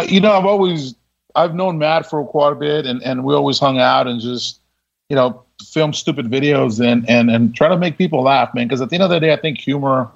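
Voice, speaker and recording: A laid-back man tells a story on a podcast, his gravelly voice often breaking into laughter and restarting sentences. The sound is dull and lo-fi. He talks casually, with lots of fillers. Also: medium pitch. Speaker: podcast guest.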